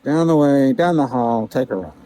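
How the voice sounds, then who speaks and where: Folksy old farmer, as a man quotes him, drawling, mellow. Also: medium pitch, animated, moderate pace, lightly acted, rough recording. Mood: chatty. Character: elderly southern farmer, folksy and warm.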